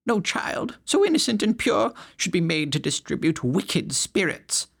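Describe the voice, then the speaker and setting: A man's voice: sits high, big pitch swings, unhurried, vocal fry, fairly bright tone, slightly rough, pitched above the performer's own voice, full character voice. A man voicing a pious, indignant older churchwoman who shrieks and scolds. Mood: shrieking. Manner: shrieking, scandalized.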